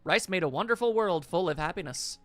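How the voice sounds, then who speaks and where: Bubbly southern-accent schoolgirl, gushing and slow, put on by a streamer reading game lines. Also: mid-range voice, animated, faint music behind, lightly acted. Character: bubbly southern-accented young woman dorm student. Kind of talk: game dialogue read aloud.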